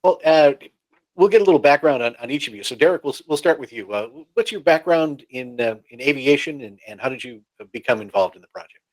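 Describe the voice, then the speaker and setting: A man with a mid-range voice hosts a panel show and talks quickly. He puts his questions to the guests in a friendly, informal way. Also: mid-range voice, expressive, rough recording. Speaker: show host. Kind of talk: hosting a panel interview.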